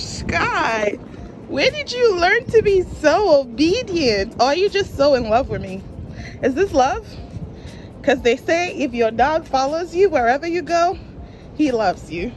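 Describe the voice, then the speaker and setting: A woman's voice: high voice, sing-song, measured pace, background noise. A young woman vlogger talking to her new puppy, coaxing and praising him in affectionate baby talk.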